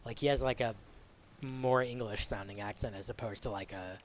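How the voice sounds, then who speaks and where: A man streaming a game live, musing aloud in a relaxed, unhurried way as he works things out. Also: fairly low pitch, a little hiss or hum.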